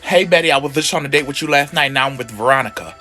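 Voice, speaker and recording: A man's voice: medium pitch, fast, sharp tone, soft background music, close to an everyday voice. A man voicing a smug, two-timing teenage boy from a comic story in a breezy, cheesy way.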